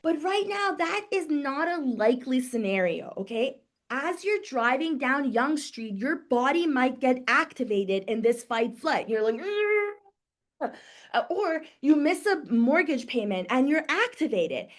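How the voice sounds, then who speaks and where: A middle-aged woman teaching a live somatic wellness webinar from her home office over a video call, talking conversationally and acting out everyday examples with quick voiced reactions. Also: sits high, lively intonation.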